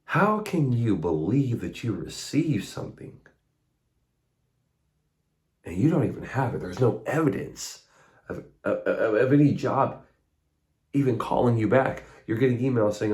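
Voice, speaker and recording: A man's voice: medium pitch, expressive, measured pace, long pauses, a little mellow. A man giving an earnest, conversational faith talk, retelling stories with casual asides. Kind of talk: spoken faith monologue.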